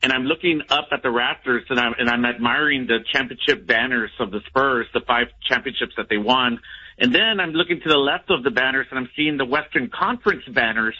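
A man's voice: medium pitch, a little fast. A man calling into a sports radio show, rambling and restarting his sentences. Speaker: caller. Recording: dull phone-in audio.

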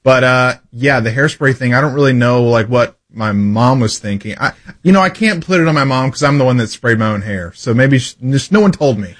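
A man's voice: medium pitch, a little fast. A man in his twenties chatting casually as co-host on a radio show. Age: 20s. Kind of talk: casual studio chat. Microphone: studio mic.

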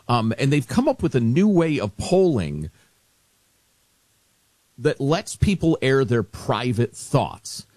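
A man's voice: mid-range voice, a little mellow, dry recording. A man hosting a talk radio show, bantering dryly about politics. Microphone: studio microphone.

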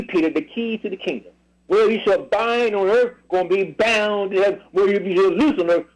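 A man preaching on a radio broadcast, reading scripture aloud and pressing a helper with repeated questions, in drawn-out, emphatic phrases. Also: sits high, low-quality recording. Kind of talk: call-and-response Bible reading sermon.

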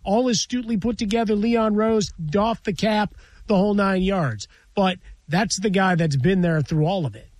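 A man's voice: high voice, moderate pace, a little mellow, dry recording. A man co-hosting a sports radio show from a studio, talking in a wordy, analytical way with dry wit. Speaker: radio sports talk co-host. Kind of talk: casual studio banter. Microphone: studio mic.

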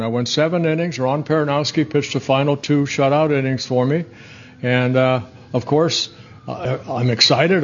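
A man in his seventies from the Netherlands, a former pitcher telling rambling, self-correcting stories in an interview. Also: muffled recording. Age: 70s. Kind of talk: casual storytelling interview.

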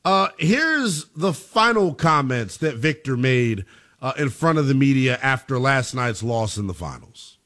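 Animated male sports radio host. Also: mid-range voice, a little slow. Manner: animated, emphatic, opinionated.

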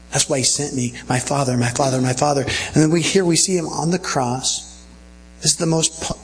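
A man's voice: fairly high pitch, gravelly, slight background noise, low-quality recording. A male pastor preaching a sermon earnestly and checking in with his listeners.

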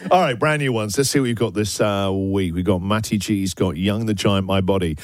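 A man's voice: lowish voice, huge pitch swings, normal speed. A man hosting a radio show, bantering playfully and laughing often. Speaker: radio host.

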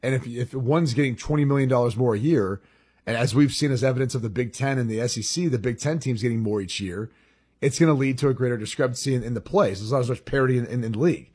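A man's voice: medium pitch, fast talker, darkish tone, slightly rough. A man co-hosting a sports talk show, thinking aloud and often repeating words as he explains. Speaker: sports radio co-host.

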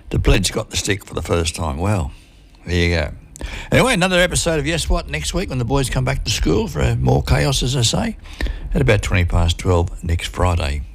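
A man presenting on local radio in a relaxed, chatty way. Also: mid-range voice, vocal fry.

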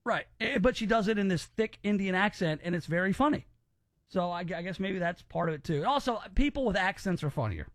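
A man's voice: sits high, lively intonation, a little fast, dry recording, clean studio sound. A man hosting a podcast, giving opinions in casual chat and often repeating words as he restarts. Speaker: podcast host.

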